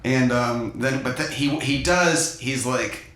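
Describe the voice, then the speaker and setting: A man's voice: mid-range voice, slow pace. A man co-hosting a podcast, chatting casually and animatedly about a film in slangy talk. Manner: animated, slangy, acts out movie lines. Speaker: podcast co-host. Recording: echoey room.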